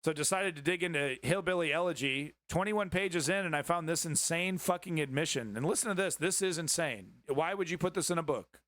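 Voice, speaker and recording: A man's voice: fairly high pitch, fairly quick, few pauses, a bit bright, no echo. A man hosting a live-stream news commentary, sarcastic and indignant, swearing freely.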